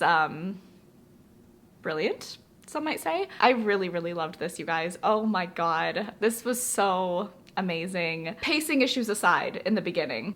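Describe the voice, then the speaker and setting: A woman's voice: mid-range voice, fairly bright tone. A young woman in a casual reading vlog, gushing and breathless, laughing between phrases and teary. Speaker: book vlogger.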